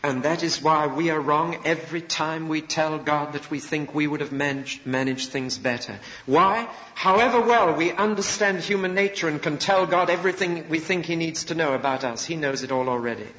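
Man preaching, vivid storyteller, higher voice, muffled recording in an echoing hall. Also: moderate pace, few pauses. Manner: expressive storytelling, acting out voices of prophet and God. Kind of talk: sermon. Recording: dull lo-fi recording with long reverb.

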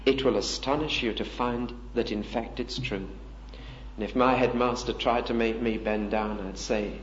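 A man's voice: medium pitch, steady tone, normal speed, a little hiss or hum. Male preacher, emphatic sermon delivery, roomy echo. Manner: earnest, emphatic preaching with rhetorical questions. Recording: roomy, dull lo-fi recording.

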